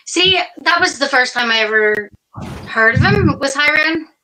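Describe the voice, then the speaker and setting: A woman co-hosting a live stream, chatting loosely and swearing freely. Her voice is high and bright. She tells stories in a rambling, easy way. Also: lively intonation, a little hiss or hum, low-quality recording. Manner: sweary, chatty, quick to laugh. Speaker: co-host. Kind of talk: casual chat on a live stream.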